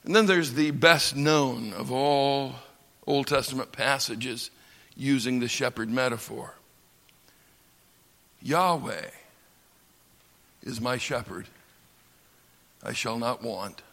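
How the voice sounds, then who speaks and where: A man from the United States teaching a lecture on scripture, slow and emphatic, pausing for effect and building his lines up. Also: mid-range voice, gravelly, a bit bright. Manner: slow, emphatic delivery with dramatic pauses and swells. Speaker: Bible teacher. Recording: long reverb of a large hall.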